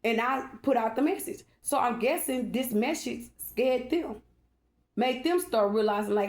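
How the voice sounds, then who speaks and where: A woman's voice: on the high side, a little slow, a little mellow, roomy sound. A woman who reads tarot, talking emotionally and at length to her followers, emphatic and rambling, calling out to her listeners again and again. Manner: emphatic, rambling, repeatedly addressing listeners directly. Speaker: tarot reader and vlogger. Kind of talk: emotional personal monologue to followers.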